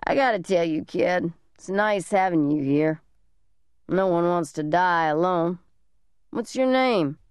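A woman voicing a drunk, unhinged, suicidal large man who taunts in a slow, mocking drawl, in an audiobook reading. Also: fairly low pitch, smooth, no room sound, studio quality, natural voice. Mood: taunting.

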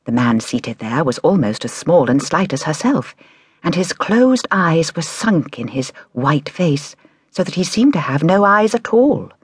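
Lady reading a kids' audiobook, breathy, pitch rises and falls a lot, dry close sound. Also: dry recording. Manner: measured, expressive storytelling. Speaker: audiobook narrator. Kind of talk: children's audiobook narration.

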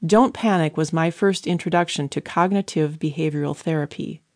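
A woman giving an earnest, measured first-person audiobook narration on a close studio microphone. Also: deep voice, a little mellow, dry recording.

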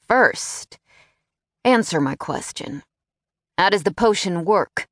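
Haughty royal brother, woman narrator doing him, slow sneering lines, low voice. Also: animated, no echo, studio quality, heavily acted. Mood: cold. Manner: sneering, impatient. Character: tall sneering man, emperor's brother.

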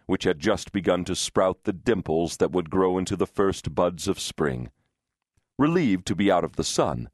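A man reading a historical novel aloud as an audiobook narrator, measured and expressive. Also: sits low, no echo, clean studio sound. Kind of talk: scripted narration. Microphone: studio microphone.

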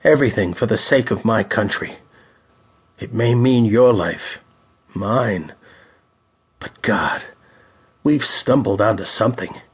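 A man voicing a determined male theater manager, speaking low, clipped and urgent in an audiobook. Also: slow pace, pauses often, slightly rough, heavily acted. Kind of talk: audiobook character voice.

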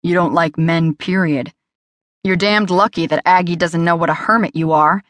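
A woman's voice: on the low side, moderate pace, fairly bright tone, no echo, lightly acted. A woman voicing a curt, guarded man. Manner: clipped, irritable, blunt.

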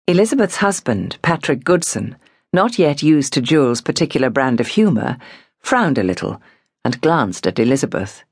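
A woman with a rumbling low voice narrates an audiobook from a script, reading in a measured, expressive storytelling style. The studio-quality recording has no room sound.

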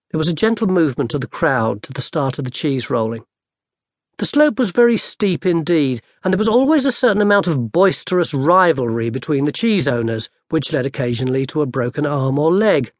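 A man narrating an audiobook in a lively, dry storytelling manner. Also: on the high side, brisk, dry recording. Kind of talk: scripted narration.

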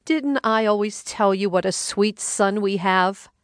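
A woman voicing a wry, sharp-tongued older mother who speaks sarcastically in a raised, exclaiming voice. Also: mid-range voice, a little slow, clear, resonant tone, no room sound, clean studio sound, close to an everyday voice. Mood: curious.

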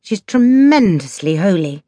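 A woman's voice: medium pitch, big pitch swings, measured pace, warm tone, no echo. Playful young woman, teasing, giggly, bouncy lilt, read by a woman narrator. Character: Kitty, playful young woman army driver.

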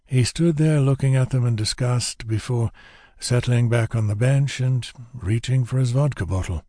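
A man reading an audiobook thriller in measured, even scripted narration on a close studio mic. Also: mid-range voice, no room sound.

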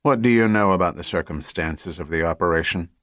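Narrator doing tired drunk male fixer, low voice, soft slur, dry read. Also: no echo. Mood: pressing. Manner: slow, soft, stressing every word. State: slurring from drink. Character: weary, gin-drinking male intelligence middleman. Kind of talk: audiobook character voice.

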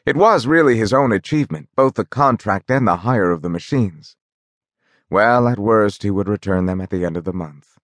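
Guy reading an audiobook, lowish voice, super dry close sound. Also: lively intonation, normal speed, no echo. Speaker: audiobook narrator. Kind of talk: scripted narration of a novel. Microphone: close studio mic.

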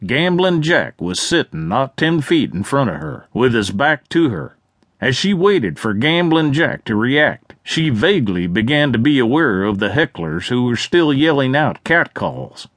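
A man narrating a western audiobook with lively, expressive storytelling. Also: medium pitch, measured pace, dry recording, studio quality.

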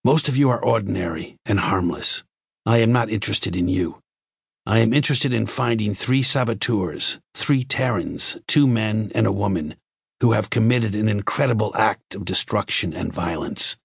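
A man voicing a stern male Martian officer who speaks in a slow, clipped, commanding way. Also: on the low side, gravelly, husky, no echo, clean studio sound. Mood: cold.

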